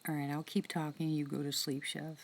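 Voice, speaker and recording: A woman with a low voice hosts a casual live-stream at night in the woods, talking to her viewers through a phone. She speaks softly and warmly, dropping into hushed whispers, chatty and open-hearted. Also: flat delivery, fairly quick. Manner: soft-spoken, drops into whispers, chatty and heartfelt.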